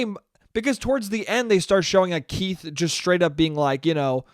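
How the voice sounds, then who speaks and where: A man's voice: high-pitched, steady tone, moderate pace, no echo, studio quality. A young man hosting a solo podcast, ranting casually with exasperation and plenty of profanity. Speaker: podcast host.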